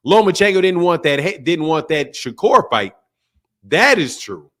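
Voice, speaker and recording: A man's voice: on the high side, big pitch swings, measured pace, a bit bright. A man hosting a boxing talk stream from home, emphatic and slangy, repeating his points over and over. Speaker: boxing channel host. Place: home indoors.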